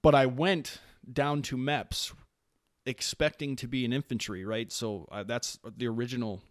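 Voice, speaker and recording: A man's voice: medium pitch, moderate pace, no room sound, studio quality. A man in his late thirties from Wisconsin, a Marine staff sergeant who is the guest in a casual interview, telling stories with many restarts and acting out the lines people said to him. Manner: animated storyteller who acts out quoted lines, with frequent restarts.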